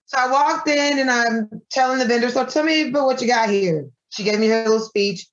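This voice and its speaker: A woman, a small food business owner, telling an animated story in an interview and acting out the dialogue of the people in it. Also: a little high, fairly quick, highs cut off. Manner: animated, acts out quoted dialogue with her voice. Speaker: guest, granola business owner.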